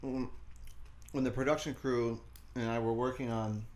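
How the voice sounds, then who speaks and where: A young man in loose, joking banter with his co-host. He rambles easily through anecdotes, and his voice sits at a middle pitch. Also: fairly even intonation, normal speed, a little mellow, a little hiss or hum. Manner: laid-back, rambling storyteller. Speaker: comedy podcast co-host. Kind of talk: casual banter.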